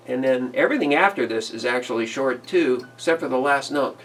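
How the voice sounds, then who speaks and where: Relaxed man scatting while he explains. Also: mid-range voice, fairly quick, few pauses, recorded from a distance. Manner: relaxed, chuckles, sings phrases as "ba da da". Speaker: arranger teaching big band writing. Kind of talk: casual screen-recorded tutorial.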